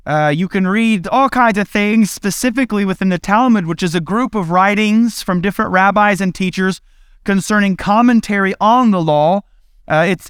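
Man, high voice, smooth and clear, casual sermon, playful, close dry sound. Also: a bit bright, dry recording. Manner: conversational, playful, laughs at his own retellings. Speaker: pastor. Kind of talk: casual sermon with acted-out Bible scenes.

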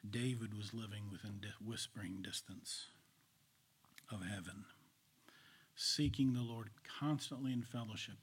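A male preacher delivering a sermon, storytelling with swings between loud and whispered delivery. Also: fairly low pitch, measured pace, pauses often, husky.

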